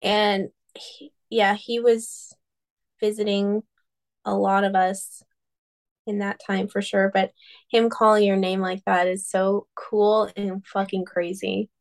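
A woman co-hosting a podcast in casual chat, drawn-out and swearing offhandedly. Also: medium pitch, level tone, low-quality recording. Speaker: podcast co-host.

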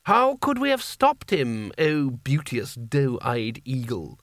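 A man's voice: mid-range voice, huge pitch swings, slow, a bit bright, no room sound, clean studio sound, exaggerated voice. A man voicing a pompous, flowery-speaking male ruler who speaks with prim, ornate compliments.

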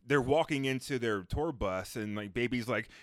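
A man hosting a casual film review podcast, animated and profane, with lots of fillers. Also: medium pitch, moderate pace, dry recording, studio quality. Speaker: podcast host.

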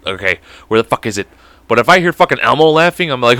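A young man hosting a podcast who rambles, swears freely and keeps losing his train of thought. His voice is lively, bright and sharp, with a dry, close sound. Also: mid-range voice, no room sound. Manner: profane, rambling, quick laughs. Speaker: podcast host. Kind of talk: rambling casual chat.

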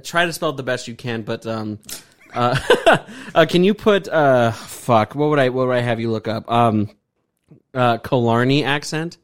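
A young man hosting a casual podcast chat, excitable and profane, directing clips to be played. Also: mid-range voice, moderate pace. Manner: excitable, swears, directs playback. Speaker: podcast host.

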